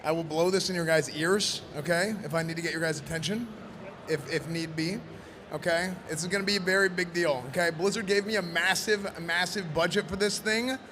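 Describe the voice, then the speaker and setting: A man presenting in costume at a live event, joking and rambling loudly. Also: high voice, fairly even intonation, a little fast, a crowd in the background. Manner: playful, rambling, loud. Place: convention event floor. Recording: noisy convention floor.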